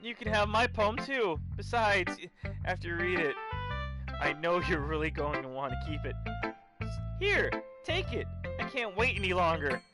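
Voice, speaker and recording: A man voicing a shy, obsessive young woman in a lowered, hushed voice. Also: big pitch swings, moderate pace, over music. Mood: eager.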